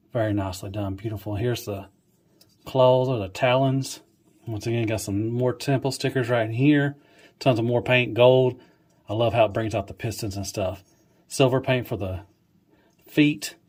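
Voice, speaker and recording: A man walks through a toy's details in a relaxed, casual review. He is enthusiastic and keeps repeating his praise, often softening into a hushed, admiring tone. His voice sits at an ordinary middle pitch. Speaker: toy reviewer. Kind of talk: casual toy review walkthrough.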